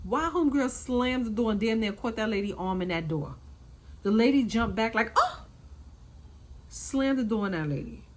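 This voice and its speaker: A woman's voice: fairly quick, poor audio. Chatty woman recapping with repeated emphasis. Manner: animated, repeats points, acts out quotes in a high voice. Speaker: reality TV recap host. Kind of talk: casual recap commentary.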